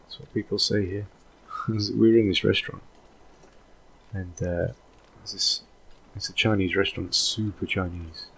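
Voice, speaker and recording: A man giving casual, thinking-aloud commentary while playing a video game, drifting into relaxed, rambling asides. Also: low-pitched, unhurried, gravelly, breathy edge. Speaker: let's play host.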